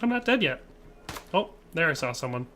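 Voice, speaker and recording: Casual man streaming, bright sharp voice, goofy rambling chat, a bit of hiss. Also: a little high, very animated, moderate pace. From Wisconsin, USA. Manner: rambling, joking, reads chat aloud. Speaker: game streamer. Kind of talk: casual live-stream chat while gaming.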